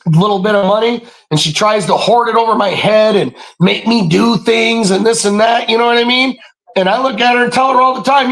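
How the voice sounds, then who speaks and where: A man telling stories in a casual monologue, animated and preachy, swearing freely and often breaking into shouts. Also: high voice, creaky, low-quality recording. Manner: profane, streetwise slang. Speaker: podcast speaker.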